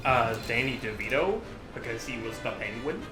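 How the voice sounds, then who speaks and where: A man's voice: mid-range voice, animated, normal speed. A man co-commenting on a let's play with dry wisecracks. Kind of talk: casual group game commentary. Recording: roomy sound with game music.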